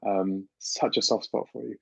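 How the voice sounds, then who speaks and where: A man's voice: fairly low pitch, steady tone, moderate pace, gravelly, a bit bright, dry recording, low-quality recording. A British man hosting a livestream, chatting casually and animatedly with viewers and laughing often. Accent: British English. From United Kingdom. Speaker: livestream host. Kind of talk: casual chat with live viewers.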